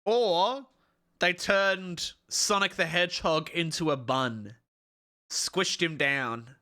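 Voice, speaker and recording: A man's voice: a little high, takes it slowly, bright, forceful tone. A young man chatting on a live stream, swearing freely, ranting and slipping into mock-heroic storytelling. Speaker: livestreamer. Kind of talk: casual live-stream chat.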